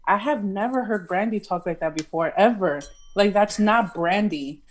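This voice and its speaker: A woman's voice: mid-range voice, normal speed. A woman on a talk show panel giving her view in casual chat, hesitant and full of ums. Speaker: guest panelist.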